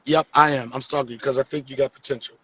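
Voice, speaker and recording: A man's voice: mid-range voice, fairly even intonation, fast talker, fairly bright tone, dull audio, a little hiss or hum. A man hosting a live stream, joking and teasing his guests in casual, profane comedic chat.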